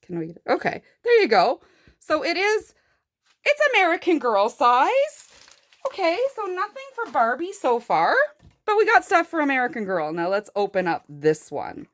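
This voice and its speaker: High, lively, gushing woman unboxing toys. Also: moderate pace. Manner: gushing and excitable, with gasps and squeals of delight. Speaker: toy reviewer. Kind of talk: toy unboxing review.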